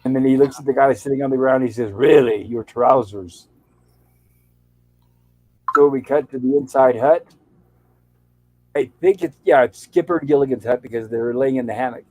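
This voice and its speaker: Here a show host with a mid-range, dark-toned voice walks through an old TV episode at normal speed, leaving long pauses. He reads quoted lines loosely and conversationally over a dry, rough recording.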